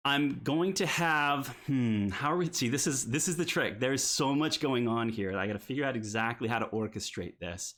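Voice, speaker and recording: A man's voice: mid-range voice, normal speed, hardly any pauses, a bit bright. A man narrating as game master of a tabletop game, hesitant with many filler sounds.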